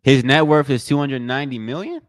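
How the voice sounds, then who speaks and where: A young man commentating a live watch party, joking with his chat in a slangy, excitable way. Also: a little fast, no room sound, studio quality. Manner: excitable, joking, slangy, bursts into high-pitched reactions.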